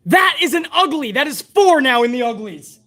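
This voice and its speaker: A woman's voice: sits high, sing-song, moderate pace, fairly bright tone. A woman hosting a live wrestling review stream, ranting bluntly and heatedly with plenty of profanity. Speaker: wrestling show host.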